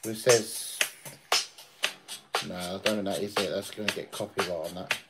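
A man's voice: low-pitched, fairly even intonation, moderate pace, over loud music. A man hosting a casual livestream, chatting to viewers, reading out their comments and laughing often. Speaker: livestream host. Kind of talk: casual chat to stream viewers.

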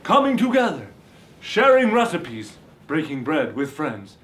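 In a comedy sketch, a man voices a campy male vampire who calls himself a reformed beach boy, hammy, boastful, and theatrical with sudden shouts. His exaggerated voice is a little high yet pitched below his own, unhurried, with huge pitch swings.

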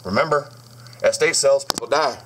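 A man's voice: medium pitch, a little fast, fairly bright tone, a little hiss or hum. A man in his thirties filming a casual vlog inside his house on a handheld phone, talking bluntly, combatively and swearing constantly. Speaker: paranormal vlogger. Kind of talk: profane casual vlog rant.

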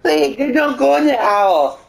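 Female gamer, mid pitch, very lively intonation, excitable, faint noise. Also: unhurried, gravelly. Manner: excitable, lively exclamations, laughs. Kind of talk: casual gaming banter.

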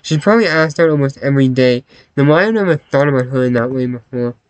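A man reading a visual novel aloud as its first-person hero, laid-back and deadpan, over faint music. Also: medium pitch, fast talker, no echo, rough recording.

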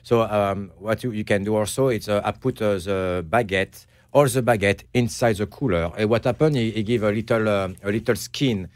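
A middle-aged man with a French accent, a bakery owner chatting as a guest, who pauses often to search for English words. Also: lowish voice, dry recording. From France. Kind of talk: casual interview chat.

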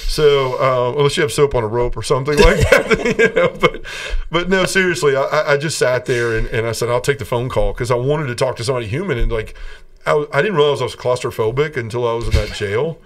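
A middle-aged man, a podcast guest, telling his personal testimony in an earnest way, often restarting his sentences and going quiet when he quotes others. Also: mid-range voice, expressive, quick pace, recorded from a distance.

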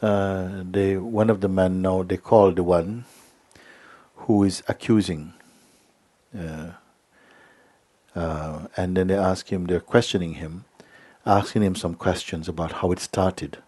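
A man giving a spiritual talk, telling a story in an unhurried way with many hesitations. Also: low voice, fairly even intonation, warm tone. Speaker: spiritual teacher.

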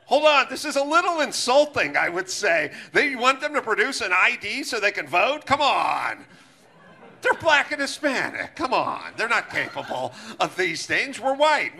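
A male podcast host on a sarcastic, profanity-laced rant, sounding fed up. His voice sits high for a man and has a sharp, bright ring to it. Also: big pitch swings, moderate pace, breathy edge. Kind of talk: ranting comedic podcast talk.

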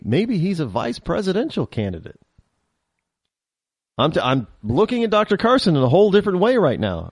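A man hosting a political talk show, giving an animated opinion monologue and often repeating and restarting his words. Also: fairly high pitch, dry recording, studio quality.

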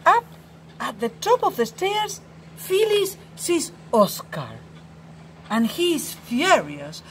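Slow, lively woman reading a children's story. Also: high-pitched, slight background noise. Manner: slow, expressive storytelling with hushed tender passages. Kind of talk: children's story read-aloud.

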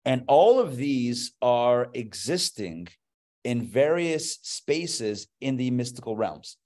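A man, a rabbi, giving a live class to an audience, explaining terms step by step and growing animated as he goes. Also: medium pitch, slow.

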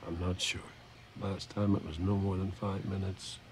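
An actor playing a devoted elderly husband, speaking tenderly and softly in a film scene. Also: male voice, deep voice, level tone, moderate pace, heavy background noise, lightly acted. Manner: tender, soft-spoken. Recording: film audio under loud score.

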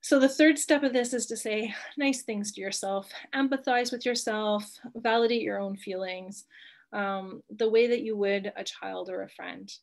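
A woman's voice: medium pitch, fairly even intonation, moderate pace, gravelly. A woman in her thirties teaching a live online class on handling emotions, chatty and reassuring, laughing often and checking in with "right?". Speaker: coach teaching emotional wellbeing.

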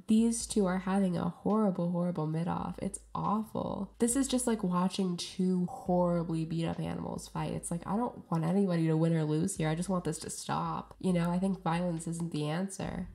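A woman's voice: on the low side, dark tone. A young woman with a stuffy nose, giving casual, sarcastic commentary on a game. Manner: sarcastic, snarky. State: congested, stuffy. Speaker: gaming commentator.

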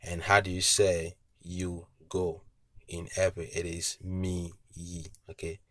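A man teaching a language lesson, patiently repeating each word slowly with tone cues, pausing often with uh and okay. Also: sits low, little pitch movement, no room sound. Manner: frequent hesitations with uh and okay. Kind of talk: slow spoken language lesson.

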